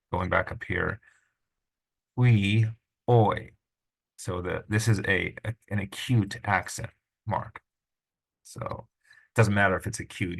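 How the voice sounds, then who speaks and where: A man teaching a recorded lesson on Greek pronunciation, informal and patient, sounding out words slowly. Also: low voice, gravelly, a bit bright, husky, low-quality recording.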